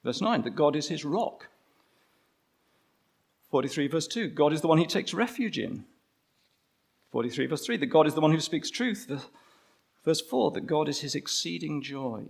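A man preaching a conversational sermon, slowing down to stress key phrases. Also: a little high, animated, vocal fry.

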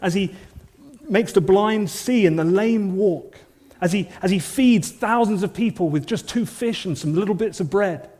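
An earnest male preacher delivering a sermon, his voice a touch higher than most men's. He often sinks to soft, intense phrases for emphasis. The sound carries the long reverb of a large church hall. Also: normal speed.

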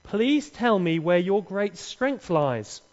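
Wheedling young temptress, done by a preacher, lilting high, slow delivery, dull echoey hall. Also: male voice, big pitch swings, exaggerated voice. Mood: coaxing. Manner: wheedling, teasing, pleading. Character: coaxing, scheming young woman temptress.

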